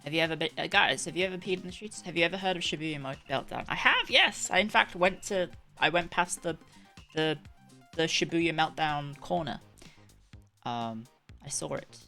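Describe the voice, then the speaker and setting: A woman's voice: deep voice, moderate pace, vocal fry, sharp tone, faint music behind. A young woman chatting casually on a live stream, rambling and correcting herself as she goes.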